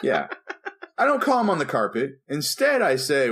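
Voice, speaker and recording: Male preacher co-host, casual, animated storyteller, expressive rising and falling pitch. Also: normal speed, slightly rough. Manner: animated, playful storyteller acting out dialogue.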